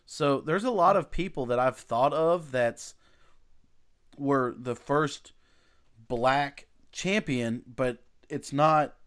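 A man hosting a casual podcast chat, talking emphatically and bluntly with quick restarts. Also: medium pitch, a bit bright, clear, resonant tone. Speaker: podcast host.

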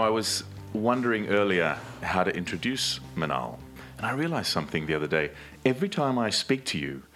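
A man with a very low voice and a bright, forceful tone co-hosts a live podcast. He trades playful jokes with his partner in front of an audience. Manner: playful, joking banter. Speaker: podcast co-host. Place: stage before a live audience.

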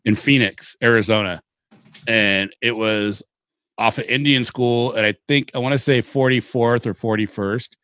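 A middle-aged man from Seattle tells long, rambling stories with animated turns and casual swearing. His voice sits mid-range and is recorded close and dry, with no room sound. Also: mid-range voice, normal speed, no echo. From Seattle, Washington. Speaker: podcast co-host. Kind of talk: casual storytelling chat.

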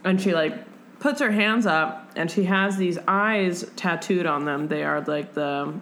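A young woman co-hosting a casual book chat, lively and animated, acting out characters in quick voices and swearing freely. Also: lowish voice, a little hiss or hum. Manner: swearing, lots of "like". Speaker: podcast co-host.

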